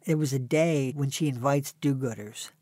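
A man's voice: mid-range voice, moderate pace, warm tone, no room sound. A man in his sixties, an author telling dry, self-mocking stories as a guest in an interview. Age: 60s. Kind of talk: conversational storytelling.

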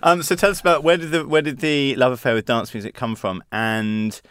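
A man hosting a chat, playful and lively with his guests. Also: medium pitch, brisk, smooth, no room sound, studio quality. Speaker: host. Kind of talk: casual chat.

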